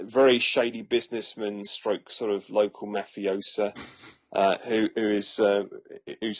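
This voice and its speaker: A man's voice: lowish voice, husky, dull audio. A man casually reviewing a film, talking with many fillers and restarts. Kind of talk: casual chat.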